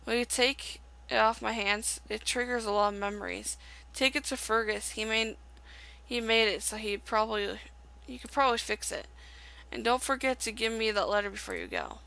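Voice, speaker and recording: A woman's voice: a little high, normal speed, vocal fry, sharp tone, low-quality recording. A woman reading as a bitter jealous young man. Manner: reading game dialogue aloud.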